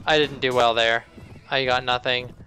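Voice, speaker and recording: A young man hosting a co-op game session, reacting excitably to the action and chatting casually. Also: medium pitch, normal speed, slight background noise. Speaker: gaming channel host. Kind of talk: casual gaming commentary.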